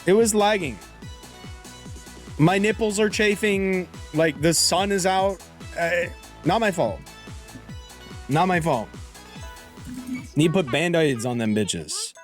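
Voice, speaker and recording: A man streaming live with casual, excitable chat, yelping and swearing when things go wrong. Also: sits high, slow, long pauses, faint music behind. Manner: excitable, yelps and swears at mistakes.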